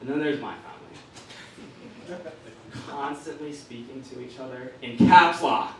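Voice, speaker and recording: A young man performing a stand-up comedy set in a club, delivering punchy one-liners with a deadpan turn. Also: mid-range voice, normal speed, background noise. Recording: echoey club recorded from far off. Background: audience laughing.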